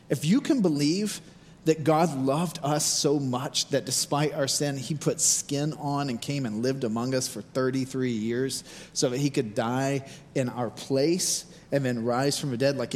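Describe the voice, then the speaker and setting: A man's voice: medium pitch, big-room sound. A man giving a sermon as pastor in a church, talking casually and animatedly with many fillers. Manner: informal, animated, lots of "like".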